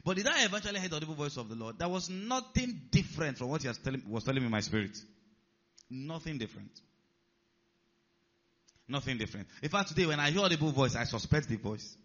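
A man preaching a sermon, animated and putting rhetorical questions to his listeners. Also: a little high, rapid-fire, few pauses, dull audio.

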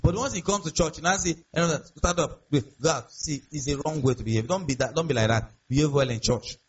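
A man's voice: a little high, fast talker, a little hiss or hum. A man preaching a sermon as pastor, emphatic and repetitive, often asking the congregation rhetorical questions. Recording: dull lo-fi sound.

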